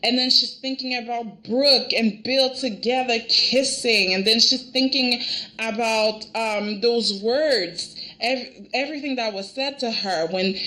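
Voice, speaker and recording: A woman with a bright, sharp, fairly high voice gives casual commentary on a soap opera. She talks slowly and with exasperation, tripping over restarts as she picks apart the characters' choices. Her tone is animated and opinionated. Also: rough recording.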